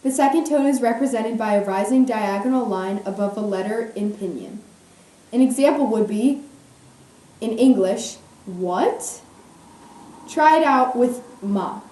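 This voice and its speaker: A woman's voice: on the high side, moderate pace, darkish tone. Woman reading a lesson, roomy and distant. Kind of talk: classroom presentation.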